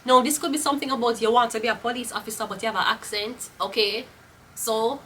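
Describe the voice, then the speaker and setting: A woman's voice: a little high, fairly even intonation, fast talker, fairly bright tone, a little hiss or hum. A woman with a Jamaican accent reading tarot cards in a casual, blunt, profane way, slipping into patois. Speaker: tarot reader. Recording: voice a bit off-mic.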